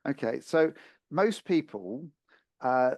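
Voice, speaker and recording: A man's voice: medium pitch, very animated, takes it slowly, darkish tone, no room sound. A man in his fifties from Portsmouth hosting a local radio interview, chatty with frequent fillers. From Portsmouth, England. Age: 50s. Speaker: radio host.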